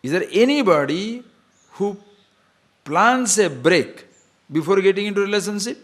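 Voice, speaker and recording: A man teaching scripture, emphatic and full of rhetorical questions, sometimes chanting verses slowly. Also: high-pitched, animated. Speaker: spiritual teacher. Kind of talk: lecture on scripture.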